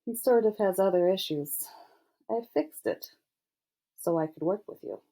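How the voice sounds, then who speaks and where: A woman voicing a gentle, earnest teenage boy football star in an audiobook, speaking softly and with some hesitation. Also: medium pitch, expressive, unhurried. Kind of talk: audiobook character voice.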